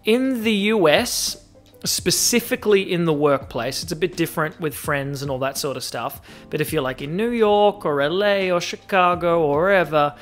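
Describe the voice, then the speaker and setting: A young man with an Australian accent hosts a solo podcast and speaks on the higher side for a man. His delivery is animated and jokey, and he stretches out words as he runs through lists. A bit of soft music plays underneath. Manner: animated, joking, drawn-out stresses on lists. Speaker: podcast host. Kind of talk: casual solo podcast monologue.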